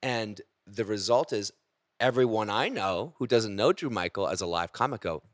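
A man, a stand-up comedian, telling stories in casual podcast chat, with a slight gravel from a cold and a profane, animated manner. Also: lowish voice, normal speed, dry recording, studio quality.

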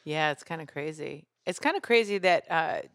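A woman's voice: low-pitched, lively intonation, fairly bright tone, no room sound, clean studio sound. A woman, a comedy producer, chatting casually and laughing often with a friend. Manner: chatty, quick laughs, fillers like "you know". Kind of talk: casual chat.

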